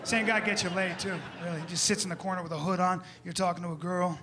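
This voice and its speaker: Male stand-up comic, high-pitched, rambling asides, noisy live room. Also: level tone, fast talker. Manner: loose, rambling with frequent "okay?" and "you know". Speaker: comedian. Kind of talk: stand-up comedy.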